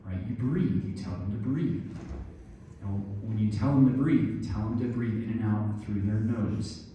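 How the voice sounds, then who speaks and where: In a very echoey room, a middle-aged man is recorded from a distance with slight hiss or hum. His voice is mellow and on the low side, his pace measured, as he explains stress and injury to his listeners, speaks straight to them and leads a guided breathing exercise.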